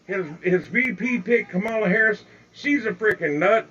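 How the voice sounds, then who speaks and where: An older man ranting angrily on a live phone video outdoors in the bright sun, repeating himself and calling out to "folks". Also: high voice, normal speed, lo-fi sound, a little hiss or hum. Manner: heated, repetitive, keeps calling out "folks". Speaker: livestreamer. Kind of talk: angry live-video rant.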